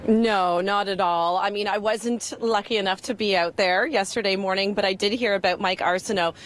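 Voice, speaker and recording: A woman's voice: mid-range voice, steady tone, moderate pace. A woman presenting the weather live from outdoors in a snowy town, chatty and upbeat, with a jokey way of talking.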